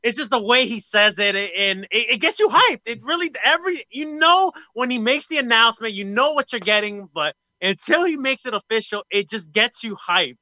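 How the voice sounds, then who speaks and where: A man hosting a casual wrestling podcast, talking in an animated way that swings between hyped and disgruntled. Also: very high voice, normal speed, few pauses, dry recording, highs cut off. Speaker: podcast host.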